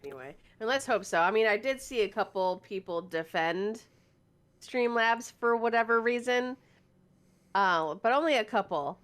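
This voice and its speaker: A woman co-hosting a casual gaming news chat, chatty and giggly with quick asides. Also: a little high, lively intonation, fairly bright tone. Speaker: podcast co-host.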